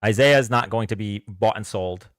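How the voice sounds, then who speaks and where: A man's voice: lowish voice, moderate pace, no room sound, clean studio sound. A young man hosting a casual livestream, chatting loosely and thanking viewers for donations as he goes. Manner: chatty, thanks donors, reads chat aloud. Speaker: livestream debate host.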